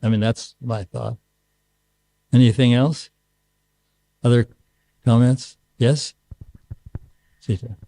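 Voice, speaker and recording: A man answering questions in a scripture class, speaking slowly with frequent restarts and pauses. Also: mid-range voice, steady tone, vocal fry, dark tone, no room sound. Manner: halting, many restarts and pauses. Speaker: guru giving a scripture class. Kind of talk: unscripted question-and-answer talk.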